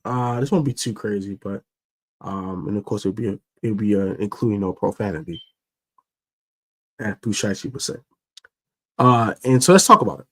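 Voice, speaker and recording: A man hosting a fan sports show, ranting in a casual, slangy, animated way about his team. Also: lowish voice, normal speed, pauses often. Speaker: sports podcast host. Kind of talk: casual fan commentary rant.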